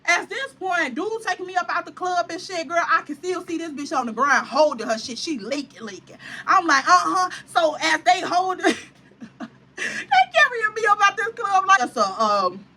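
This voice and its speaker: High-voiced woman telling a story. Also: normal speed. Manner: animated, profane, laughing often. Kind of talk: casual storytime.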